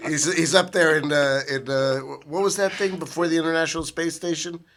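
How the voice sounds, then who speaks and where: A man co-hosting a podcast in casual chat, easygoing and quick to laugh as he asks follow-up questions. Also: fairly high pitch, steady tone, a crowd in the background. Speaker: podcast co-host.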